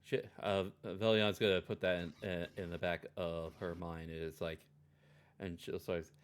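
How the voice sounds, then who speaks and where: Male tabletop player, low voice, hesitant, rambling description. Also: flat delivery, moderate pace, clean tone. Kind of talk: describing actions in a tabletop game.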